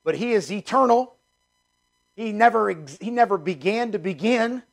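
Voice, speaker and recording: A middle-aged man preaching a sermon in a gravelly, slightly high voice. He hammers key phrases again and again and moves from ringing emphasis to quiet, low asides. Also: animated, normal speed. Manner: emphatic, repeats key phrases, swings from loud to hushed. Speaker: pastor.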